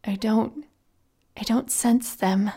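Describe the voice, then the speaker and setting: A woman voicing a soft, sorrowful young fey woman in a breathy whisper, read as a whispered role-play in an audiobook. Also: on the high side, steady tone, takes it slowly, heavily acted. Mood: hushed.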